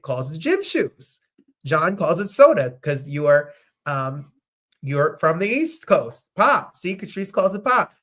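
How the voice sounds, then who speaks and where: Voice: mid-range voice, a bit bright. A host from New Jersey with a New Jersey accent, chatting casually and reading viewer comments aloud.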